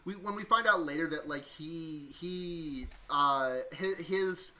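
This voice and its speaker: A man with a bright, slightly high voice talks through a horror film in casual podcast chat. He rambles, starts his sentences over and swears freely. A faint hum of ambience sits under his voice. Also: takes it slowly. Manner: rambling, restarts often, profane. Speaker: podcast co-host.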